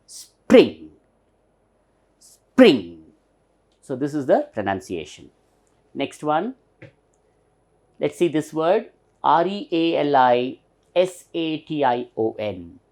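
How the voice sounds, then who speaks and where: Indian English man, teacher; slow, lively pitch, spells out words and repeats them patiently. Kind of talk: recorded pronunciation lesson.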